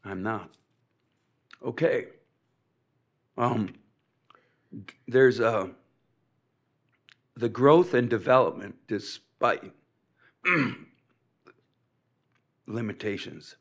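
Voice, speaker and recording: A man giving a sermon-style lecture to a seminary class, hoarse and coughing often, speaking haltingly with many pauses and restarts. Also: mid-range voice, animated. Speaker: preacher teaching a seminary class.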